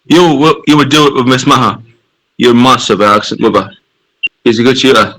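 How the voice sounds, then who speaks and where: A man's voice: medium pitch, a little fast, fairly bright tone, poor audio. A man taking part in an online discussion over a video call, playful and teasing, calling people mate. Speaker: workshop participant.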